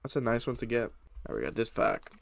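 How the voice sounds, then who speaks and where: A man's voice: mid-range voice, fast talker, vocal fry, no room sound. A young man chatting casually to his viewers while opening packs of trading cards. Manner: excited, chatty, talks to viewers. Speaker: card-opening YouTuber. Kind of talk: casual pack-opening commentary.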